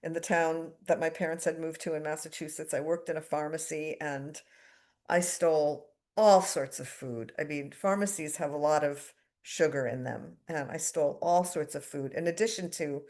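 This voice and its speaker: A woman's voice: sits low, steady tone, normal speed, darkish tone. A middle-aged woman from the United States giving a candid, self-deprecating personal recovery share at a twelve-step meeting, with fillers and wry asides.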